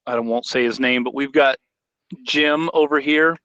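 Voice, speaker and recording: A man chats as a podcast co-host, loose and joking as he tells his stories. His voice is bright and tense. The sound is dull and lo-fi. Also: mid-range voice, normal speed, no echo. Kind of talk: casual chat.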